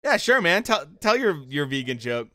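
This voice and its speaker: A man's voice: fairly high pitch, sing-song, moderate pace, pushed and bright, no echo, clean studio sound. A man hosting a fight-show watchalong stream, chatting casually with viewers and reacting to the episode as it plays. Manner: chatty, reacts to chat and the show with loose fan talk. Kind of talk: casual livestream commentary.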